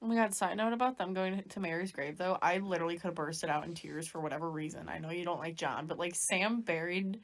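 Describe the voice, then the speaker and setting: A woman co-hosting a podcast, chatting casually as a fan in quick, emotional bursts. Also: fairly low pitch. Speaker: podcast co-host.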